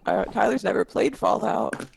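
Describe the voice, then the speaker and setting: Raspy, gravelly woman player. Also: mid-range voice, normal speed, slight background noise, low-quality recording. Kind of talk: casual chat at a tabletop game.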